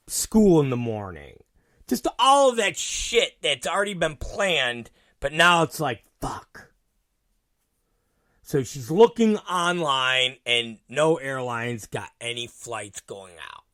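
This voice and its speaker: A man hosting his own show, telling a story in an animated, profane way and acting out both sides of the dialogue. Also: mid-range voice, slow pace, dry recording. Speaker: podcast host. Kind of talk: storytelling monologue.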